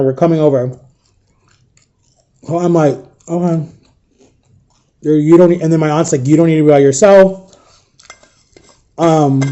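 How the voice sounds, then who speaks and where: A man recounting a painful story in an emotional storytime vlog, subdued and grieving, halting and repeating himself. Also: a little high, dark tone. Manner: halting, repetitive retelling. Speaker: vlogger.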